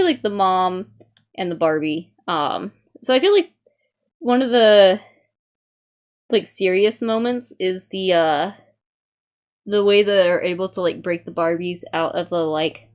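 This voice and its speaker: A woman's voice: medium pitch, normal speed. A young woman streamer in casual chat, rambling with many fillers and reading aloud from a review. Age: young adult.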